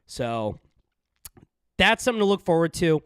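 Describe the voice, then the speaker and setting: A man's voice: on the high side, sing-song, moderate pace, fairly bright tone, clean tone, no echo, studio quality. A man hosting a stream, rambling with crude jokes and lots of fillers. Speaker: stream host. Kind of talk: casual stream banter.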